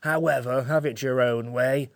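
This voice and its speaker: A man's voice: mid-range voice, fairly even intonation, moderate pace, gravelly, dry recording, clean studio sound, close to an everyday voice. A man voicing a grumpy, sleepy sand-fairy creature in a storybook reading, cold and scolding in manner.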